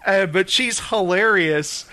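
A man hosts a casual talk show, his voice sitting a little high. He rambles through a story with plenty of fillers and animated retellings. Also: slow pace. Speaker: podcast host. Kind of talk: casual chat recapping a reality show.

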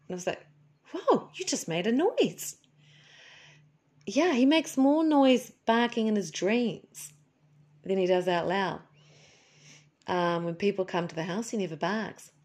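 A woman hosting a podcast in a chatty, playful way, a little sniffly. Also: medium pitch. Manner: chatty and playful, with asides and laughs. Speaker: podcast host and animal healer. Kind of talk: casual solo podcast chat.

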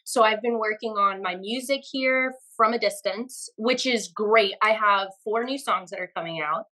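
A woman's voice: medium pitch, moderate pace, sharp tone, rough recording. A young woman chatting as a podcast guest, laughing often and getting flustered. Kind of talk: casual interview chat. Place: home studio.

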